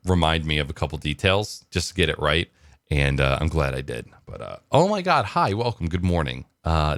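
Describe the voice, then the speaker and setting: Deep-voiced man rambling in a vlog. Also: no echo, studio quality. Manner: rambling, lots of fillers. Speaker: vlogger. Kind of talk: casual morning vlog.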